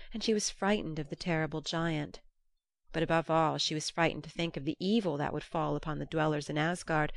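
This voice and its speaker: Woman reading an old myth aloud, low voice, measured, dry close sound. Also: no room sound. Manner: measured, old-fashioned storytelling. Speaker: narrator. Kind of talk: storybook reading.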